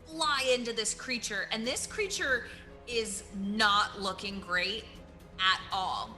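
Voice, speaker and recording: A woman's voice: mid-range voice, lively intonation, takes it slowly, bright, forceful tone, soft background music. A woman narrating as game master of a tabletop game, playful and vivid in her descriptions.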